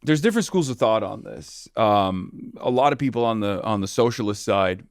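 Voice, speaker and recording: A man as a podcast guest, talking politics in long, argumentative, winding sentences that slow down on key points. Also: on the low side, animated, no room sound, studio quality. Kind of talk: political commentary in conversation.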